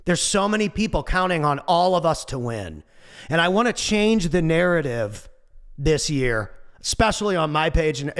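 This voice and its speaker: A man in his forties delivering a casual motivational monologue, animated and goofy, swearing now and then. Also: sits high. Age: 40s. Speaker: motivational speaker.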